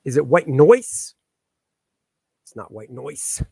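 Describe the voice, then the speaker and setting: A man's voice: mid-range voice, very animated, slow pace, vocal fry, a little mellow, breathy edge, dry recording. A man hosting a casual live stream from his home studio, chatting and joking in an easygoing way while he troubleshoots his own setup. His mid-range voice comes through a stand microphone, close and dry with no room sound.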